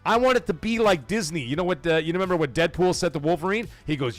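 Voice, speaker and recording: A man's voice: high voice, big pitch swings, fairly quick, hardly any pauses, fairly bright tone, soft background music. A man hosting a live gaming podcast stream, ranting profanely and greeting his chat by name.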